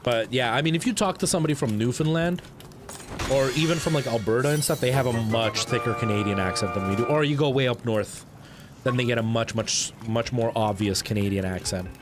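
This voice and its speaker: A man's voice: mid-range voice, fairly quick, over music. A man streaming a retro game, chatting casually and answering his viewers' comments.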